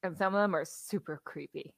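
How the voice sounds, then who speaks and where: A woman's voice: lowish voice, fairly quick, creaky, no echo. A woman on a podcast panel casually and enthusiastically recommending things, with a teasing streak. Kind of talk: casual chat.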